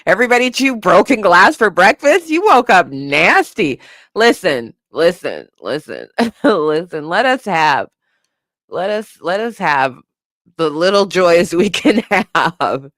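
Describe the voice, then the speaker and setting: A woman's voice: lowish voice, slow pace, dry recording, studio quality. A woman hosting a casual commentary stream, reading chat comments and laughing often as she reacts. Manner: laughing often, animated, lively. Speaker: host.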